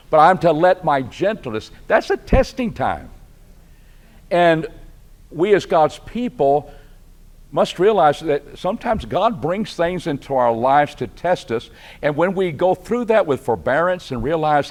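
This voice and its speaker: A man's voice: a little high, big pitch swings, unhurried. A man with a Texan accent teaching a church Bible class, conversational and asking his listeners questions. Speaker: preacher.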